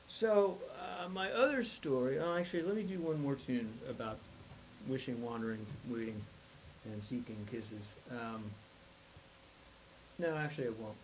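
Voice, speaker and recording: A man's voice: medium pitch, slight background noise, rough recording. A man hosting a live music stream, rambling through a casual story with lots of hesitation. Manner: rambling, hesitant, many fillers; self-deprecating humor. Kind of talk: casual storytelling between songs.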